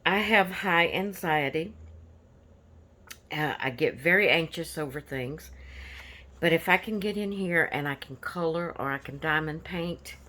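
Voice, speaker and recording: Woman chatting about her coloring pages at home, kinda low voice, rambly with lots of uh's. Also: fairly bright tone. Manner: easygoing, rambling with many fillers and restarts. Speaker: coloring channel host. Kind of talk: casual chat showing finished coloring pages.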